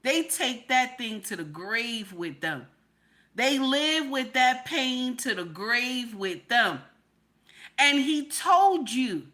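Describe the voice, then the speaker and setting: High, bright-voiced woman ranting. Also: animated, slow. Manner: emphatic, repeats questions, swears freely. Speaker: livestream reaction host. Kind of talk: heated reaction livestream commentary.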